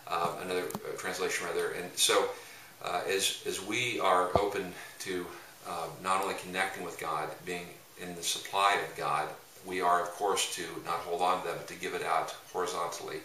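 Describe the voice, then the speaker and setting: A low-voiced man talks loosely and rambles, stopping often on filler sounds as he teaches. His tone is bright and forceful. The room echoes, and the mic sits some way off with faint noise underneath. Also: little pitch movement, normal speed. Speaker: evangelism ministry leader. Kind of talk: casual teaching talk with anecdotes. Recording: roomy echo, mic at a distance, faint noise.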